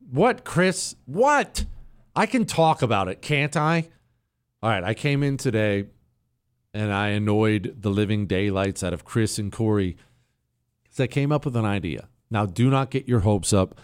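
A man hosting a talk radio show, sarcastic and chatty, often jumping into a mocking high pitch. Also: darkish tone, no room sound, clean studio sound. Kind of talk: casual talk radio commentary.

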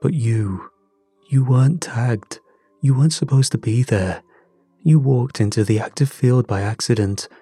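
A man voicing a pale, exhausted male scientist in his fifties who speaks in a hushed, strained voice that catches. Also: mid-range voice, unhurried, slightly rough, dry recording, faint music behind. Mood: hushed, shaken.

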